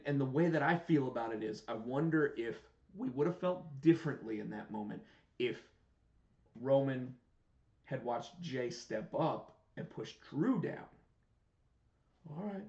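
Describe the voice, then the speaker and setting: A man co-hosting a casual live-stream chat show, talking excitedly with many restarts and a rambling flow. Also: mid-range voice. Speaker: show co-host. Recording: echoey room, dull lo-fi sound.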